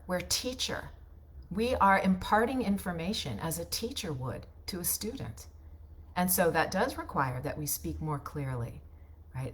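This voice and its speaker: Chatty woman coaching with a lowish voice. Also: sharp tone, husky. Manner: chatty, ends points with tag questions; loose, unpolished delivery with restarts. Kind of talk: casual on-camera teaching.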